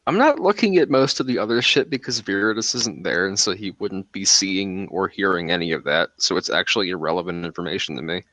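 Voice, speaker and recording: Man, tabletop player, low voice, animated pitch, rambling explanation. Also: a little fast, few pauses, dry recording. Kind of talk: casual chat over a voice call.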